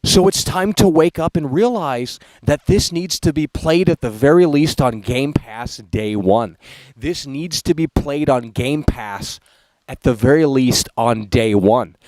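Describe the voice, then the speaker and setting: A man's voice: medium pitch, unhurried, darkish tone, no room sound, rough recording. A man ranting in a video about games, scolding his viewers in a preachy, repetitive way. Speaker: gaming commentator. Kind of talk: ranting vlog commentary.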